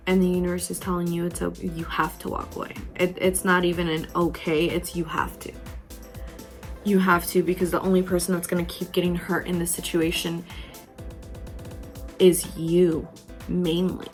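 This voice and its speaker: A woman's voice: on the low side, level tone, moderate pace, soft background music. A woman giving a tarot reading, talking frankly and intimately to the viewer, with casual swearing. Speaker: tarot reader.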